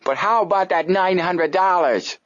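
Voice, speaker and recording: A man voicing a blustering, pompous small-town detective who shouts in disbelief. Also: high-pitched, lively intonation, normal speed, slightly rough, lo-fi sound, voice pushed up. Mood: incredulous. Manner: shouting, incredulous.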